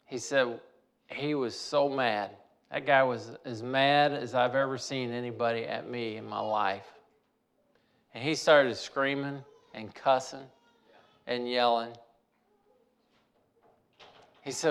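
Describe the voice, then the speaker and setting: A man's voice: mid-range voice, fairly even intonation, measured pace, a bit bright, clean tone. A man telling a personal story in a folksy way, repeating phrases for emphasis.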